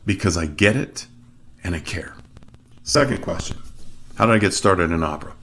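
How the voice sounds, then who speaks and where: A middle-aged male opera singer hosts his own show, telling the story of his career as a monologue. His speaking voice sits low, and he keeps it lively and self-deprecating, shifting his delivery for emphasis. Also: moderate pace, a little hiss or hum.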